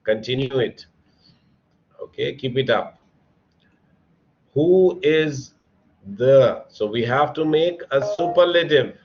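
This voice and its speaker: In an animated, medium-pitched, slightly mellow voice, a man teaches online grammar slowly and with frequent pauses, patiently spelling words letter by letter. The computer mic on the video call gives dull, lo-fi audio with slight background noise.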